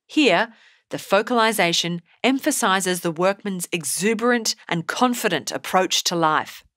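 A woman teacher giving a scripted poetry lesson in a measured, explanatory way. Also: mid-range voice, animated, fairly bright tone, no echo, studio quality. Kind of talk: scripted narration.

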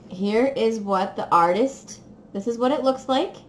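A woman chatting casually to viewers while unboxing, excitable and giggly. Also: on the high side, normal speed. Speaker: crafting vlogger. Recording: echoey room with faint noise.

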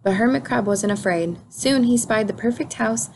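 A woman reads a children's picture book aloud, calm and clear, her voice sitting slightly high. A faint background hiss stays under her. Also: moderate pace. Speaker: storybook reader.

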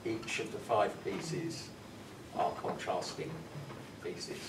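A man's voice: low voice, takes it slowly. A man leading a university music workshop as visiting professor, explaining ideas and telling a story in a thoughtful, instructive way. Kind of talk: workshop lecture. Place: university classroom. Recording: roomy classroom from far off, noisy.

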